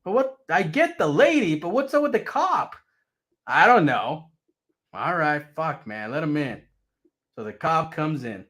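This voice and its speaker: Man, casual storytelling, profane, animated, fairly high voice, laughs a lot. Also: a little slow.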